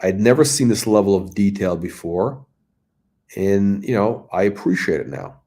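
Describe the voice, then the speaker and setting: A middle-aged man with a lowish voice chats through a casual watch review. He rambles and searches for words, and his pitch swings widely as he tells stories. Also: expressive, moderate pace, mellow. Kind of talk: casual commentary and storytelling.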